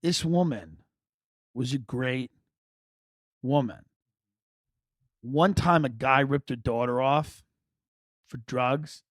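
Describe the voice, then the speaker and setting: Profane middle-aged comic storyteller, dry sound. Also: male voice, mid-range voice, slow, pauses often, no room sound. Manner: profane, animated, exaggerating. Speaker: comedian podcast host.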